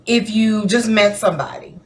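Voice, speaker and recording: A woman's voice: medium pitch, normal speed. A woman teacher giving a recorded lesson to her students, chatting casually and acting out different tones of voice. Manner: conversational, animated demonstrations of tone.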